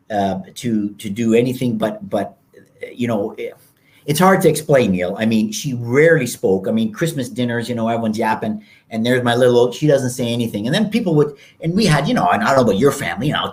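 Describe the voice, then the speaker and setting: A man in his sixties from Canada, a guest telling stories in an animated, casual way, often acting out other people's voices. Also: medium pitch. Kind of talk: casual storytelling interview.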